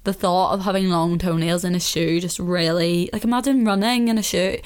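A woman's voice: on the low side, fairly even intonation, a little fast, smooth. Chatty Northern Irish woman podcaster. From Northern Ireland. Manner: chatty, opinionated, often laughing. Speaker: podcast host. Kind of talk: casual solo podcast chat.

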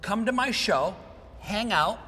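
A man's voice: high-pitched, lively intonation, takes it slowly, pushed and bright, husky. A man hosting a podcast, animatedly retelling a story in casual chat and acting out the quotes. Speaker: podcast host. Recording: roomy hall with faint noise.

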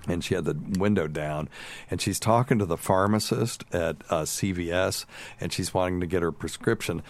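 A man hosting a radio show, telling funny family stories and breaking into shrill impressions of his mother-in-law. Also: normal speed. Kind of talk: casual storytelling chat.

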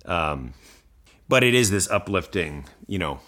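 Low-voiced man, laid-back podcast co-host who mostly chimes in with short agreeing replies. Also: very animated, unhurried, sharp tone. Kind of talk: casual chat.

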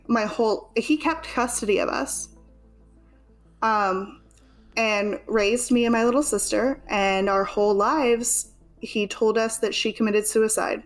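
A woman's voice: a little high, soft background music. Young woman telling a personal story. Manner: casual, halting, many fillers. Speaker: interview guest.

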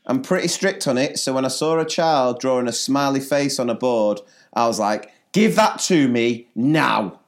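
A man's voice: mid-range voice, moderate pace. A man, a teacher co-hosting a podcast, telling classroom stories in a dry, joking way. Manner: dry storytelling, laughs at own jokes. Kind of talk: casual storytelling chat.

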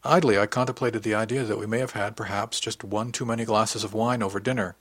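A man narrating a first-person audiobook in an even, wry storytelling manner. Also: on the low side, fast, no room sound.

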